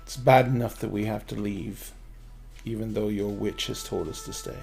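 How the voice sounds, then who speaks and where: A man voicing an old grandfather who speaks slowly, low and hushed, calm and firm. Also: gravelly, soft background music. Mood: grave.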